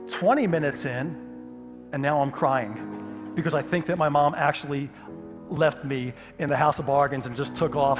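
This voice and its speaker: Male pastor, lively comic storytelling sermon, reverberant hall, faint music behind. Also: on the high side, normal speed. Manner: animated, humorous storytelling with sudden loud outbursts.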